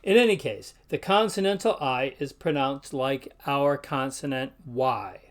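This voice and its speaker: A man teaching pronunciation in an instructional video, speaking carefully and slowly sounding out example words. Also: mid-range voice. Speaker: Latin teacher.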